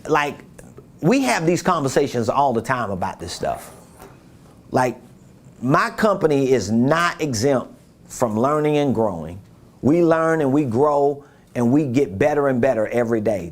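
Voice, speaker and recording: A man giving a casual business coaching talk, repeating his points and asking rhetorical questions. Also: medium pitch.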